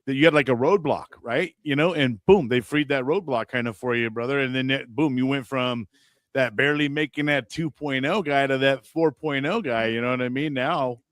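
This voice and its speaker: A man's voice: medium pitch, normal speed, a bit bright, dry recording. A man from the Los Angeles area co-hosts a podcast with a reflective, easygoing delivery and a middle-range voice. He keeps checking in with his listener as he talks. The recording is dry and close. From Los Angeles County. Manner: reflective, conversational, leans on "you know what I mean". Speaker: podcast co-host. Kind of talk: casual chat.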